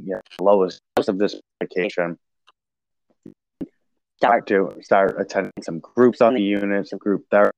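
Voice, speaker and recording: Gravelly low-voiced man, halting storyteller. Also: a little mellow, no echo, muffled recording. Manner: halting, many restarts and fillers. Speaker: podcast guest sharing recovery story. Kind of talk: casual conversational storytelling.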